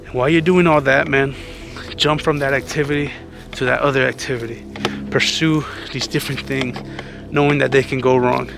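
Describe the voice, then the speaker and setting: A man talks through life advice in a relaxed, earnest vlog manner, slightly winded. His voice has a gravelly edge at an ordinary pitch. Clear music plays under him throughout. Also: normal speed. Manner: earnest, conversational, says "man" often. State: slightly out of breath. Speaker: vlogger. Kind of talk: casual motivational talk.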